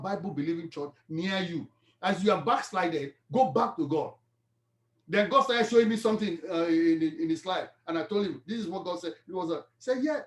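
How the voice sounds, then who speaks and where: High-voiced Nigerian pastor in an echoey hall. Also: male voice. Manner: storytelling, then preaching with rising fervor. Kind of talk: sermon. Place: church hall.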